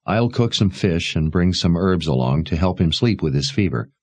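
Guy doing a tired, loving mom in an audiobook, soft and tender, deep voice. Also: animated, moderate pace, no echo. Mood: firm. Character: weary, loving mother, protective and steady.

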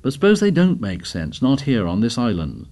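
A man's voice: medium pitch, huge pitch swings, normal speed, darkish tone. Man reading as a cautious worried boy leader. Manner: cautious, hesitant.

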